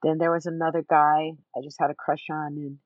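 A woman with a somewhat low voice tells her own story as an interview guest, emphatic and animated, slipping into the voices of the people she quotes. The sound is dull and lo-fi, with a dry, close feel and no room echo. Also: fairly quick. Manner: emphatic, animated, acts out other people's words.

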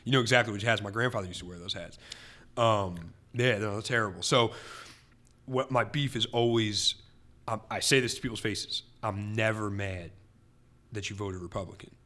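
A man hosting a podcast in casual chat, talking in animated, rambling, emphatic runs. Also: fairly low pitch, moderate pace. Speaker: podcast host.

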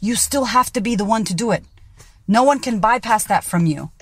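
A woman's voice: fairly high pitch, expressive, moderate pace, slightly rough, no room sound. A woman podcast host and coach giving a blunt, profane motivational monologue. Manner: blunt and profane, keeps it real.

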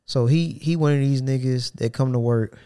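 A podcast co-host tells a work story in casual chat, acting out the quotes with animated delivery. His voice is smooth and medium-pitched, moving at a moderate pace.

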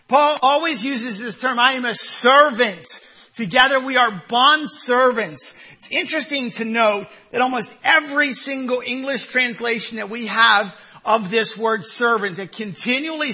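A male pastor preaching a sermon, emphatic, with repeated rhetorical questions and loud one-word commands. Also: very high-pitched, measured pace, breathy edge.

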